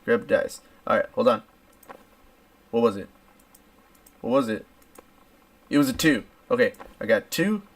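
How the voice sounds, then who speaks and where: A man's voice: mid-range voice, unhurried, long pauses, dry recording, distant mic. A young man hosting a let's play video, joking and mock-dramatic while he plays. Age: young adult. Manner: jokey, animated, mock-dramatic. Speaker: gaming video host.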